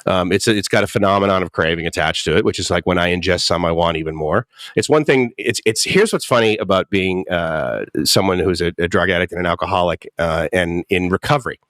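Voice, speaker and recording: Lively storytelling man in his fifties. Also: low-pitched, fairly quick, no echo, clean studio sound. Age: 50s. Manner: animated storyteller, chuckles often and acts out quotes. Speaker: guest speaker in recovery. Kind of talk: candid personal talk.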